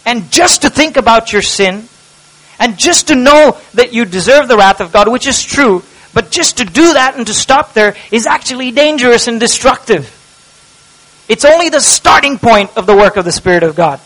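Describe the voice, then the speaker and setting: High-voiced man preaching with passion. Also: expressive, normal speed, poor audio. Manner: impassioned preaching, swings from hushed to loud. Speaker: pastor. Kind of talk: sermon.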